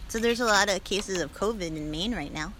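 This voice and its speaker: A woman's voice: medium pitch, fairly quick, background noise. A woman hosting a podcast in casual, playful chat, laughing often, recorded outdoors at dinner. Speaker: podcast host.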